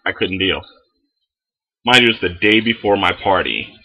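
A young man telling a story in a casual vlog, animated and full of swearing. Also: sits low, normal speed, breathy edge, poor audio. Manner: animated, heavy swearing, lots of fillers. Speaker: vlogger.

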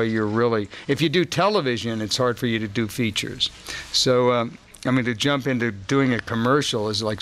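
A man's voice: mid-range voice, slight background noise. A man being interviewed about a film role at a press junket, telling rambling stories with easy chuckles. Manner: relaxed, rambling storytelling with chuckles. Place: hotel press junket room, indoors.

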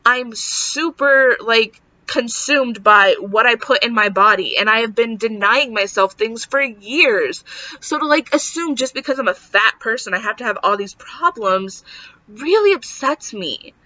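Bright-voiced woman ranting casually. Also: a little high, animated, unhurried, muffled recording. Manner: frustrated ranting, lots of "like". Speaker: vlogger. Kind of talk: casual venting vlog.

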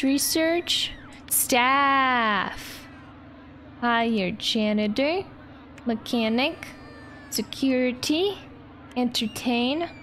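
A young woman streaming a park-building game, excitable, swearing a lot and laughing often. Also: fairly high pitch, slight background noise. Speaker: vtuber streamer. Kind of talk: casual gameplay commentary.

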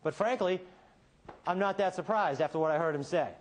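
Addressing the jury in a courtroom, a male defense attorney with a high voice closes his case by pushing rhetorical questions. His delivery lurches between quiet and emphatic, punctuated by dramatic pauses.

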